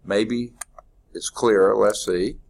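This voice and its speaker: A man's voice: fairly low pitch, steady tone, takes it slowly, creaky, darkish tone. A middle-aged man, teaching a math class in an informal, folksy way and thinking aloud as he corrects himself. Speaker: math instructor. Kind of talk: classroom lecture.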